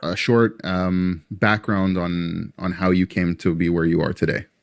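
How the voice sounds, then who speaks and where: A man's voice: deep voice, level tone, unhurried, gravelly, no echo, studio quality. A man hosting an interview over a video call, speaking with hesitant deference to his guest. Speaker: interview host.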